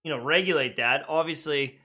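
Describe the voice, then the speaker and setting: A man's voice: fairly high pitch, brisk, pushed and bright. A man co-hosting a gaming podcast, chatting loosely with lots of fillers. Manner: loose and rambling, many fillers. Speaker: podcast co-host. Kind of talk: casual gaming podcast chat.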